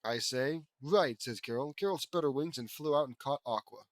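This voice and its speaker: A man reads fan fiction aloud, making mocking, wry asides between lines and raising his voice for the quoted characters. His voice is mid-range at a moderate pace, and the recording is dry.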